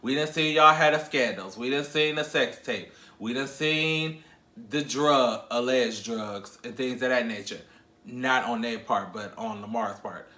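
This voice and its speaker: A man's voice: medium pitch, unhurried. Sassy gossiping man in an echoey room. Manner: sassy, gossipy, animated, laughs often. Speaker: podcast host. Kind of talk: casual pop-culture commentary.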